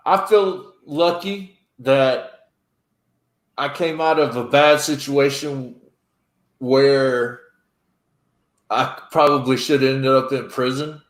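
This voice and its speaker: A man's voice: medium pitch, takes it slowly, pauses often. A man hosting a casual chat, talking in an earnest, plain-spoken way. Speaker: podcast host. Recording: roomy echo.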